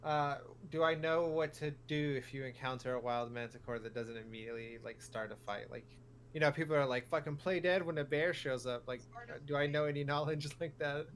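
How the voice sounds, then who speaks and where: A man's voice: mid-range voice, little pitch movement, fairly quick, a little hiss or hum. A man playing a druid in a casual tabletop game, rambling with lots of "like" and laughing often. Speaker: player.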